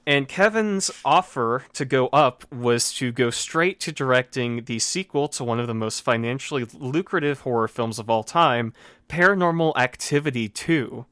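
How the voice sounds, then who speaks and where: Bright, crisp-voiced podcast host guy. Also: medium pitch, normal speed, dry recording, studio quality. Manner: enthusiastic, profane, riffing. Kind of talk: casual chat.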